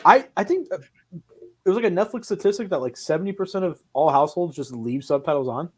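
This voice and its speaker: A man hosting a casual film podcast, talking in an animated way with quick asides and a lot of swearing. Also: high-pitched, slightly rough. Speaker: podcast host.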